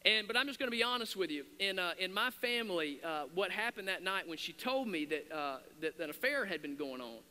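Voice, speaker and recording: A man's voice: high-pitched, animated, a little fast, hardly any pauses, bright, forceful tone. A man, a pastor, telling his personal story in an earnest sermon, often restarting his sentences. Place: church sanctuary. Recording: long hall reverb.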